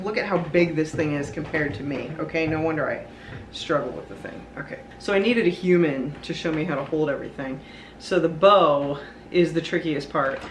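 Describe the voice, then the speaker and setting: In a home vlog, a young woman with a deep voice lies on the floor indoors and chats casually with her viewers. Slight background noise comes through as she rambles, sometimes getting frustrated.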